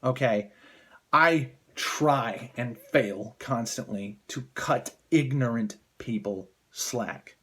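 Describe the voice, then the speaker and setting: A man's voice: mid-range voice, slow, fairly bright tone, breathy edge. A man ranting as a political commentator in a vlog, heated, contemptuous and swearing constantly. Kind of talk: angry political rant vlog.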